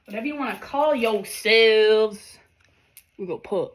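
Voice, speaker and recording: A young woman giving a casual, animated tarot reading straight to her viewers, swearing freely and talking directly to them. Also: on the high side, measured pace. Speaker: tarot reader.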